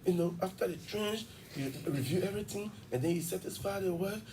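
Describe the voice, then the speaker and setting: A man's voice: sits high, darkish tone, recorded from a distance, slight background noise. A man, an education official explaining at length in a TV interview. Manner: fast, emphatic explaining with examples. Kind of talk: television interview.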